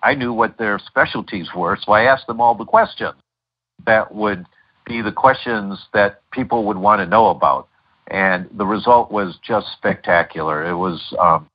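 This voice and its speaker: A middle-aged man talks as an interview guest, his very low voice carrying a husky edge. He wanders through stories with frequent fillers and false starts. The sound is dull and lo-fi, like a call recording. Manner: storytelling, many fillers and restarts. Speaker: guest doctor and lecturer.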